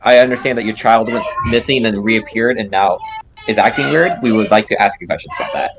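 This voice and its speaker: A man's voice: lowish voice, fast talker, a crowd in the background. A man playing a tabletop game, asking questions with frequent restarts. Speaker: player. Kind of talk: casual chat in a tabletop game.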